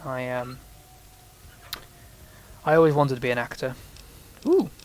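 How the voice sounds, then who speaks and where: A man's voice: medium pitch, unhurried, a little hiss or hum. A man casually commenting on the game he is playing, rambling along with self-mocking asides. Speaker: gaming channel host. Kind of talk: casual let's-play commentary.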